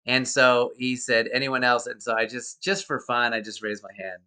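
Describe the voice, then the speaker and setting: A man's voice: mid-range voice, fairly even intonation, normal speed, bright, forceful tone, clear, resonant tone. A man being interviewed as a guest actor, telling an anecdote in a rambling way with many fillers and restarts. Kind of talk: casual interview storytelling.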